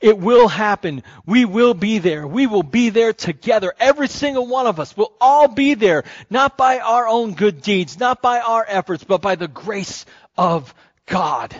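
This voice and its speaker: High-voiced pastor preaching a sermon. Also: male voice, measured pace. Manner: builds from calm teaching to loud excited crowd-cheering passages. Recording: dull lo-fi sermon recording.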